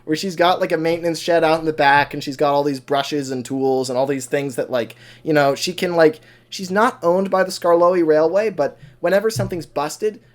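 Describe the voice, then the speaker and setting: A man's voice: fairly high pitch, moderate pace, few pauses. A man co-hosting a podcast, chatting casually and animatedly, laughing often and using many fillers. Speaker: podcast co-host. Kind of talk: casual chat.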